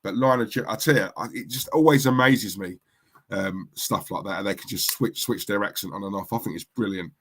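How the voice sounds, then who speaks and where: A man's voice: on the low side, brisk, a bit bright. A man hosting a live stream, chatting casually and reading out viewer comments in a rambling, repetitive way. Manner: chatty, rambling, repeats himself. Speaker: livestream host.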